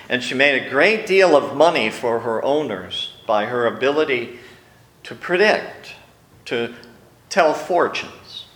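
Male pastor preaching slow, pitch jumps all over, echoey church. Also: fairly bright tone. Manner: storytelling, acts out quotes with raised voice. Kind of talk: sermon. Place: church sanctuary.

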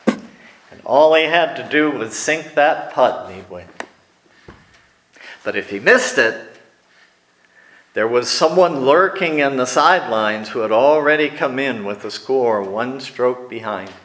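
A man preaching a sermon, telling wry personal stories and slipping into quiet asides, recorded in a church hall. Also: mid-range voice, expressive, slow pace, pauses often. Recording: echoey room.

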